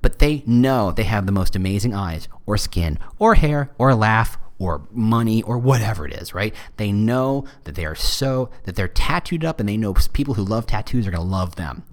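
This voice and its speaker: Animated man hosting a podcast. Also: on the low side, normal speed, hardly any pauses. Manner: animated, joking, self-deprecating asides. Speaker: podcast host. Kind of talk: casual podcast monologue on hiring.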